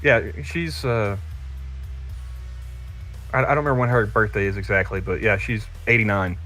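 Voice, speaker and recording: A man's voice: fairly low pitch, moderate pace, pushed and bright, faint music behind. Crude joking man in his thirties. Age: 30s. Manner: crude, joking, stumbling restarts. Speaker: podcast panelist. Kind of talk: casual chat.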